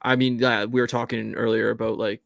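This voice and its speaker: A man with a gravelly, creaky edge talks loosely on a podcast, stringing thoughts together with constant "like"s. His voice is mid-pitched and the sound is dry and close, with no room around it. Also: level tone, fairly quick, dry recording. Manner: rambling, heavy use of filler "like". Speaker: podcast co-host. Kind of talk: casual chat.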